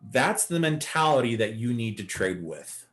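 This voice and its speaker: A man's voice: medium pitch, sing-song, moderate pace, fairly bright tone. A man teaching a live beginner day-trading lesson, coaching and talking through chart examples. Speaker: trading instructor.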